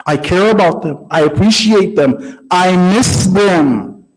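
Man, sermon, high voice, conversational, checks in with listeners. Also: slow, rough recording. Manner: conversational, keeps asking the audience "right?". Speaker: religious speaker.

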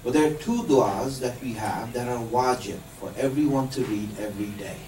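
Heard through a distant mic in an echoey room with slight background noise, a man with a medium-pitched, dark-toned voice speaks at normal speed. He's teaching a religious lesson to a live group, explaining patiently and asking them questions.

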